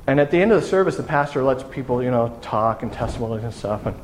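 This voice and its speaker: A man's voice: medium pitch, lively intonation, rapid-fire, hardly any pauses, a little hiss or hum. Casual conversational male preacher. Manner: casual, conversational storytelling with many restarts. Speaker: pastor. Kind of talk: sermon.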